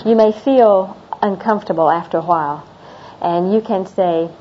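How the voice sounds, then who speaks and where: A middle-aged woman with a mid-range voice talks at a normal pace to a class of international students about American customs. She's chatty and a little rambling, repeating herself and laughing at her own stories. The classroom recording is dull and lo-fi, with faint noise.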